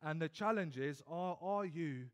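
Man, British accent, preacher, evening sermon, earnest, repeats and restarts words, slightly high voice. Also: a little slow. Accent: British English. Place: church.

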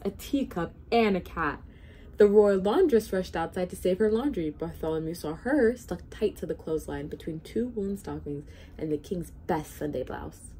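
A woman's voice: on the low side, slight background noise. A woman reading a children's storybook aloud expressively as a volunteer reader. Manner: expressive, animated read-aloud.

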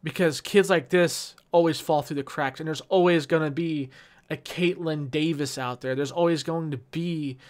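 A man's voice: on the high side, steady tone, moderate pace. A man giving an impassioned, heated vlog rant, swearing often and restarting his sentences. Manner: heated, profane, with frequent restarts. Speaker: YouTuber.

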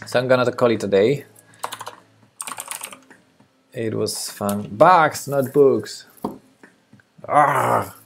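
A man's voice: mid-range voice, extremely slow, vocal fry, pauses often, slight background noise. A man with a Spanish accent, thinking aloud and chatting with viewers during a late-night coding live stream. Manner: thinking aloud, muttering to himself, answering chat. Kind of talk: casual live-stream chat while coding.

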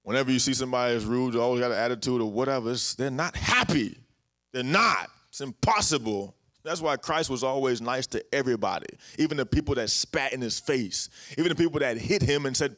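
A man's voice: medium pitch, animated, a little fast, fairly bright tone. A young adult man preaching a casual, conversational sermon full of everyday stories and repeated phrases.

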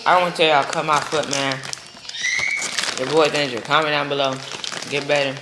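A man's voice: on the high side, fairly even intonation, moderate pace. A young man from near Houston, Texas, vlogging casually at home with playful, rambling slang. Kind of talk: casual vlog talk. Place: house indoors. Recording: echoey room with loud background noise.

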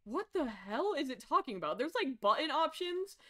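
Here the streamer's voice is high and her pace moderate. Playing a frazzled parent in her game commentary, she chatters chaotically, excitable and prone to muttering before suddenly shrieking.

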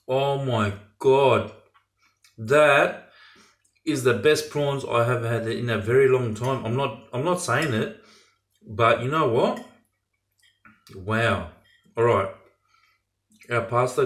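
Guy doing a casual cooking vlog at home, chatty and excited, echoey kitchen with pans clanking. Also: mid-range voice. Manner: chatty, enthusiastic, addresses viewers as guys.

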